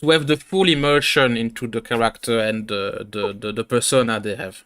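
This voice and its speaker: A man's voice: medium pitch, fairly even intonation, moderate pace, fairly bright tone, clean tone. A man hosting a podcast interview, hesitant and stammering, laughing often. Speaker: podcast host.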